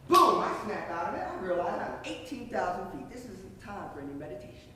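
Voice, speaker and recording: A young man in his twenties telling a story to an audience, excitable and animated, acting out scenes with shouts and sound effects. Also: high-pitched, brisk. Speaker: motivational speaker. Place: large hall. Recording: echoey hall from far off, noisy.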